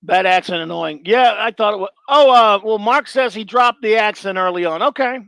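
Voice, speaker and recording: Higher-voiced middle-aged man, blunt. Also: moderate pace, gravelly, fairly bright tone, smooth, no echo. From Louisiana. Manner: blunt and opinionated, rambling with restarts. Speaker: show host. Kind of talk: casual live-show monologue, answering chat.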